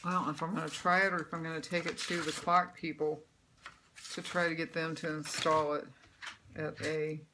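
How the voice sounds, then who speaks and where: With background noise around her, a woman with a deep voice talks about her stitching projects at a moderate pace and with flat delivery. She's a cross-stitch vlogger doing a casual show-and-tell from home, rambling with many ums and restarts.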